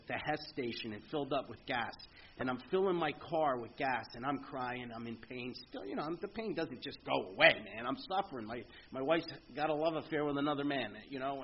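A middle-aged man speaking earnestly at a recovery meeting, telling his story in a halting way with frequent restarts. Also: mid-range voice, a little hiss or hum. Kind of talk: personal recovery testimony. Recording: muffled lo-fi meeting recording with faint ambience.

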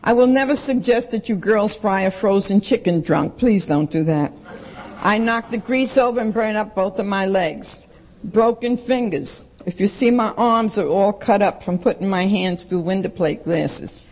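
A woman's voice: mid-range voice, moderate pace, darkish tone, low-quality recording. A woman giving a blunt, emphatic personal testimony to a recovery meeting and repeating lines for stress.

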